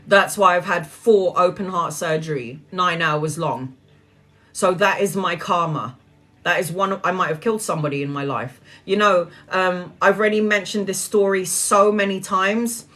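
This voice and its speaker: A woman's voice: medium pitch, fairly bright tone. Earnest woman giving spiritual talk. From Brazilian heritage. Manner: earnest, preachy, laughs often. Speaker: spiritual speaker. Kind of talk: casual spiritual talk to viewers.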